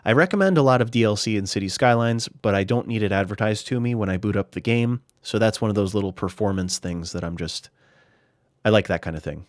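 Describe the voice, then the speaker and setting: A man casually talking through his game mods in a relaxed, chatty way, with fillers and restarts, a little out of breath at times. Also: on the low side, brisk, no echo, studio quality. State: slightly out of breath. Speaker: gaming YouTuber. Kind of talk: casual screen-recorded tutorial commentary.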